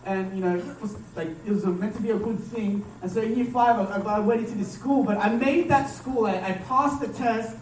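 A man's voice: very high voice, fairly quick, few pauses, slight background noise. A young man preaching a sermon as pastor, chatty and conversational, checking in with the congregation with "right?" as he tells stories. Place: church hall. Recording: echoey hall, voice from far off.

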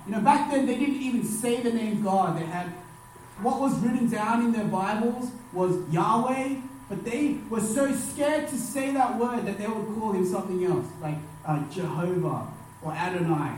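Man, youth pastor, high voice, emphatic, drops low at line ends, far-off mic, heavy hall echo. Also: normal speed, a little mellow, slight background noise. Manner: emphatic, dropping his voice low at phrase ends. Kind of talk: sermon to young people.

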